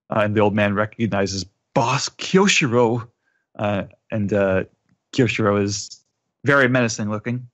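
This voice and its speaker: A man's voice: lowish voice, a little slow, a bit bright. Man narrating a scene on a podcast. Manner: narrating a scene with quoted lines. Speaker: podcast host. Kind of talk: casual chat. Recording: dull lo-fi podcast audio.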